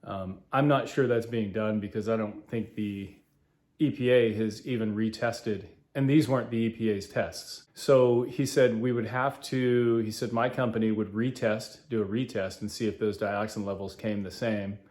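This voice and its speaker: A man hosting a podcast, talking in a halting, earnest way with many fillers. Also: lowish voice, fairly even intonation, a little mellow. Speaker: podcast host. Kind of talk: casual spoken commentary.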